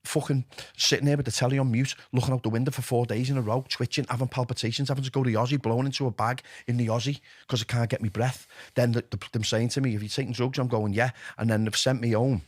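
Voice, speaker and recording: A man's voice: mid-range voice, quick pace, hardly any pauses, no room sound. Liverpool man, candid podcast guest, blunt and sweary, close dry mic. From Liverpool, England. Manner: blunt, sweary, animated storytelling. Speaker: podcast guest, addiction recovery coach. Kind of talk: candid interview talk.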